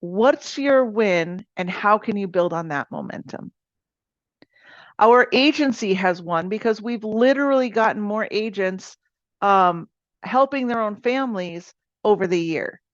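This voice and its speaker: A woman's voice: mid-range voice, lively intonation, measured pace, no echo. A woman leading an insurance sales team meeting, coaching her agents with energy and often asking "right?". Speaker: insurance agency team leader. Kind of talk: motivational sales coaching talk. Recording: dull, dry sound.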